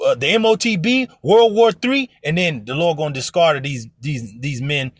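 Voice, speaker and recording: A man's voice: a little high, animated, moderate pace, no room sound, studio quality. A man preaching informally to an online audience, blunt and profane, who acts out other people's voices in his stories. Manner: blunt, profane, emphatic exhortation. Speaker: religious teacher.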